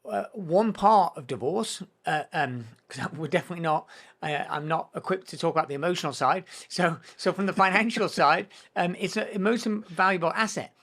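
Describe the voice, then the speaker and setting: Guy hosting a business podcast, slightly high voice, earnest, stumbles and restarts a lot. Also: moderate pace, fairly bright tone. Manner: earnest, explanatory, frequent restarts. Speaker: podcast host. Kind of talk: podcast conversation.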